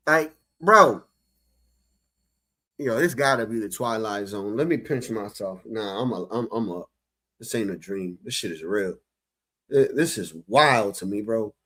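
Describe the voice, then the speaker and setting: A man's voice: mid-range voice, a bit bright. A man giving casual reaction commentary on a clip, talking to his chat in a profane, incredulous, exasperated rant.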